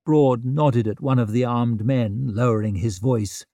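A man narrating an audiobook in a measured, wry storytelling manner. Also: mid-range voice, mellow, no room sound, studio quality.

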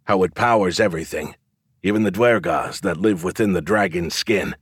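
Audiobook narrator, male, low-pitched, dry close sound, measured first-person storytelling. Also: slightly rough, no echo.

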